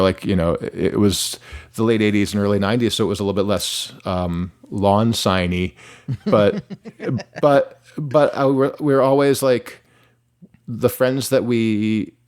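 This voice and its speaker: A man in his forties from Michigan, a musician guest talking casually in an interview, rambling with lots of "like" and restarts. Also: on the low side. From Michigan, USA. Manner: rambling, heavy use of "like", frequent restarts.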